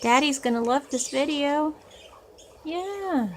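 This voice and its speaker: A woman's voice: high voice, animated, slow pace, slight background noise. A woman filming her pet birds at home, cooing to them in sing-song baby talk. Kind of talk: casual home video, talking to pet birds.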